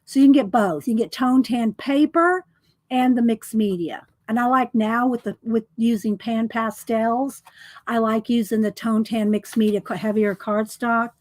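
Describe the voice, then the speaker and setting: A woman's voice: fairly high pitch, moderate pace, darkish tone, no room sound, rough recording. A woman chatting casually and rambling while she flips through her artwork, a little out of breath. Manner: chatty, rambling, says y'all. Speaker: artist vlogger.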